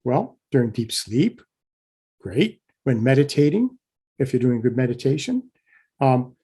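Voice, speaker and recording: A middle-aged man delivers a keynote lecture in a relaxed, conversational manner, tossing in "right?" to check on his listeners and restarting phrases as he thinks. His voice is mellow and a little husky. He gets animated when acting out everyday examples. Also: medium pitch, unhurried.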